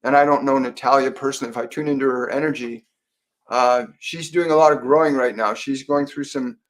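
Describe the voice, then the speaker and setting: A man hosting a live-stream Q&A as a psychic medium, talking softly and meanderingly with many fillers and restarts. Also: mid-range voice, steady tone, a little fast. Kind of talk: live-stream Q&A, relaying spirit messages.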